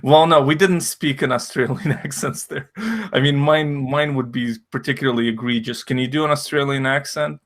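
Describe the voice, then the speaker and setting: Russian-native guy rambling on stream, swears a lot, mid-pitched, deadpan jokes. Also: normal speed. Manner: rambling, profane, deadpan jokey. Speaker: stream host. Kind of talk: casual stream chat.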